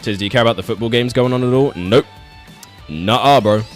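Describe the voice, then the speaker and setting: Give me a young man chatting on a game stream, rambling and swearing, with a mid-pitched voice and faint music underneath. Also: brisk. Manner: rambling, laughs often, swears, talks to chat. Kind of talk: casual livestream chat.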